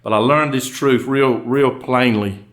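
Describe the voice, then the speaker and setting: This Southern-accented country undertaker, middle-aged, entertains a live crowd from the stage with folksy, drawling humor, breaking into laughter at the punchlines. Here he speaks at a medium pitch and an unhurried pace.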